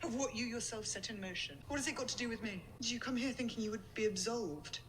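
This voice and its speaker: A woman's voice: on the high side, fast talker, fairly bright tone, natural voice. An actress playing an unforgiving queen who speaks in a cutting, accusing way. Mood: cold. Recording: noisy film clip.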